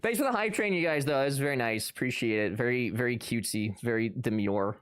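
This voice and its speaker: A man's voice: mid-range voice, lively intonation, fairly quick, a bit bright, clean tone. A man streaming live, chatting casually and answering his chat with sarcastic, joking banter.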